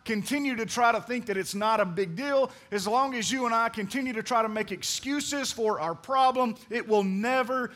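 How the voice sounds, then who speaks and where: A man preaching a sermon in a drawl, his voice sitting high for a man. He keeps turning to the congregation, calling for answers and acting out the people in his stories. The delivery is lively and theatrical. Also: moderate pace, few pauses. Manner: preaching with call-and-response to the congregation; dramatic, acts out quoted voices. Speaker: pastor.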